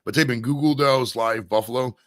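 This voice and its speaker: A man's voice: medium pitch, brisk, a bit bright. A man from Maine hosting his own stream, rambling casually with lots of swearing. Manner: rambling, profane, loose and conversational. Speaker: streamer and show host. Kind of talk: casual solo stream chat.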